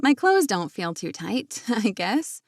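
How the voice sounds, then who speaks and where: A woman's voice: on the high side, big pitch swings, unhurried, darkish tone, no room sound, studio quality. A woman voicing an eager, flustered young woman who talks in a lightly raised, breathless voice.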